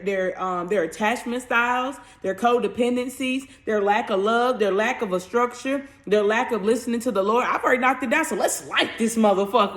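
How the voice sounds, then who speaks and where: A young adult woman, a spiritual coach, casually talking tarot and astrology, animated and playful, acting out little voices and swearing freely. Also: on the high side.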